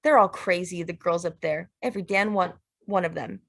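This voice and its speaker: A woman reading the quoted lines of a troubled, brooding young man in a subdued, low, flat manner. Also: normal speed, gravelly, dry recording, clean studio sound. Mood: gruff.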